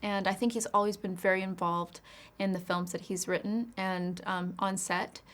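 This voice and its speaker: Woman, actress, interview guest, middle pitch, reflective, candid, long answers. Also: steady tone, normal speed, a bit bright. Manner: reflective and candid, explains at length. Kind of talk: press junket interview.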